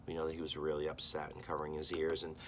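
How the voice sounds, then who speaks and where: A deep-voiced American man reads a novel chapter aloud for his students, pausing to explain points as their teacher. He throws himself into the dialogue, jumping up in pitch for the characters. A faint hiss sits under the recording. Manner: animated reading, voicing characters with big jumps in pitch. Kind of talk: reading a novel aloud with classroom commentary.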